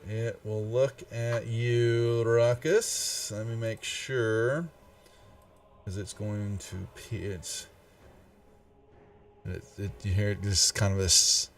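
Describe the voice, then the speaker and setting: A man narrating as game master in a live-streamed tabletop game, halting and restarting as he checks the rules. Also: on the low side, gravelly, recorded from a distance, a little hiss or hum. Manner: halting, with many restarts and fillers.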